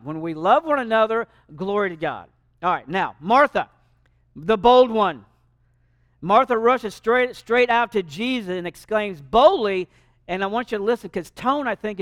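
High-pitched guy preaching in church, animated, punchy swings in volume, dry sound. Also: no echo. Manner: animated, varies loudness for emphasis. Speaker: pastor. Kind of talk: sermon. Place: church sanctuary.

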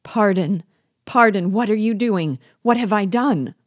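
A woman's voice: unhurried, no echo, studio quality, lightly acted. A woman reading a novel aloud, voicing a terrified man who frantically begs for his life. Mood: terrified pleading. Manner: shrill frantic begging.

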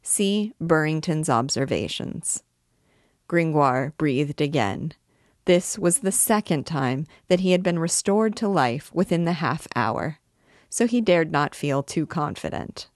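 A woman reading a classic novel aloud as a book guide, telling the story in a measured, expressive way. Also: deep voice, no room sound, studio quality.

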